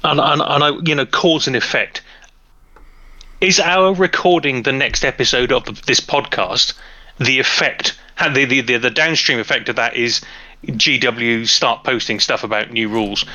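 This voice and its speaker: A man's voice: medium pitch, moderate pace, bright, forceful tone, dull audio. A man co-hosting a game podcast, stammering and wry as he floats a playful suspicion. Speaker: podcast co-host. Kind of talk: casual chat.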